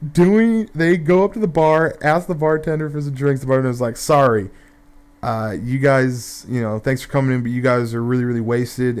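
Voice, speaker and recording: Young man, gameplay commentator, casual storytelling, profane, rambling, halting restarts. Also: medium pitch.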